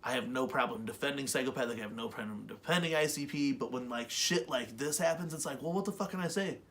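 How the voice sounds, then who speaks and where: A man co-hosting a webshow, telling stories in a rambling, profane, animated way. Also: medium pitch, fast talker, slight background noise. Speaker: webshow co-host. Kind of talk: casual chat.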